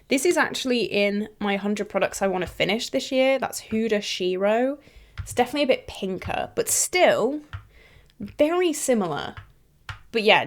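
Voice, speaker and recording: Woman beauty vlogger, chatty, thinks out loud, quick excited exclamations, mid-range voice. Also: medium pitch, a little hiss or hum. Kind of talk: casual chat to camera.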